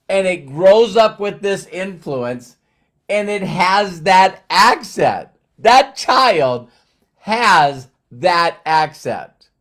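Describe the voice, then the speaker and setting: Man in his sixties, motivational speaker, slightly high voice, chatty with fillers, slows down to stress points. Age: 60s. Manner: conversational, fillers and slowed emphasis. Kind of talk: casual motivational talk.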